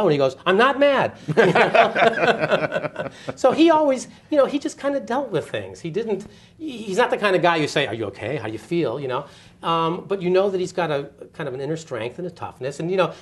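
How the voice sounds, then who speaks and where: Quick-talking older man telling stories. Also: on the high side. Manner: animated storyteller, quick, acts out quoted voices with laughs. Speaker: interviewee, former communications director. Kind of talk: oral history interview. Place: office interview setting.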